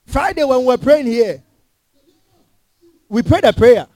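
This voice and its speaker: Lively high-voiced pastor preaching. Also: male voice, a little slow, long pauses, no echo. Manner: emphatic preaching with rhetorical questions to the congregation. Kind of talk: sermon. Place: church.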